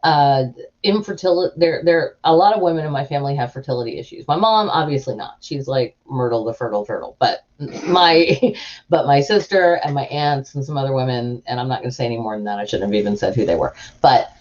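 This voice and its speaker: A woman with an extremely low voice talks fairly quickly as she hosts a livestream. She chats casually, tells lively stories, and mimics the voices of people in them. The audio is muffled and lo-fi.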